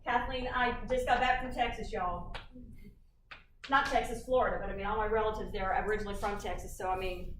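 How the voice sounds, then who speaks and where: A woman giving a university lecture in a lively, chatty way, often putting questions to the class. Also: mid-range voice, fast, few pauses, noisy background. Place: lecture hall. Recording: echoey hall, from far off.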